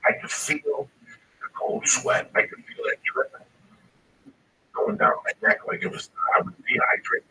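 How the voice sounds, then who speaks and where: A male comedian telling a rambling, profane story full of swearing, recorded on a distant mic with faint background noise. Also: measured pace. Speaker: stand-up comedian.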